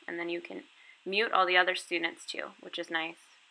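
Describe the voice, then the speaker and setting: Bright, slightly creaky woman explaining. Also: fairly low pitch, steady tone, brisk, low-quality recording. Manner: chatty, explaining step by step with casual fillers. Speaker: online English teacher. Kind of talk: casual screen walkthrough tutorial.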